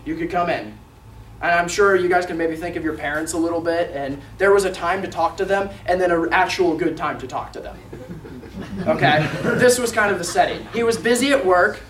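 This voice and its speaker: Young preacher telling a story in an echoey room. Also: male voice, a little high, slight background noise. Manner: animated, acts out the boy's lines with whispers and shouts. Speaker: student preacher. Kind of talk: storytelling sermon. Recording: echoey room, mic at a distance.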